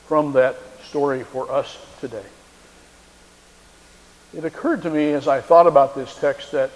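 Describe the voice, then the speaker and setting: A man's voice: a little high, a little mellow. A man preaching a sermon, retelling a story and acting out the quoted lines in shifting voices. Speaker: pastor. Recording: long reverb of a large hall.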